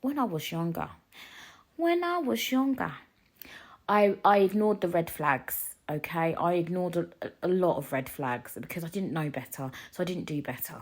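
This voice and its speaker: A young woman hosts a solo podcast in a loose, chatty rant. Her voice sits slightly low and swings from loud, lively outbursts to quiet muttered asides. She jokes and riffs as she talks. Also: moderate pace. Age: 20s. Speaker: podcast host.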